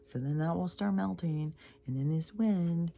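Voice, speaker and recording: A woman with a low, husky, gravelly voice talks in a loose, rambling monologue. She swears freely and slips into quick impressions of the people she describes. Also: dark tone. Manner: rambling, swears often, mimics others in voices. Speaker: spiritual podcaster.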